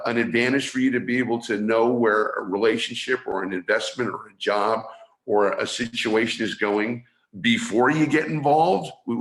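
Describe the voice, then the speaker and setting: A man from San Francisco, a guest on a video call, earnestly explaining his training and often restarting his phrases. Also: mid-range voice. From San Francisco, USA. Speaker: guest, energy awareness trainer. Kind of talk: explanatory interview talk. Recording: roomy video call audio.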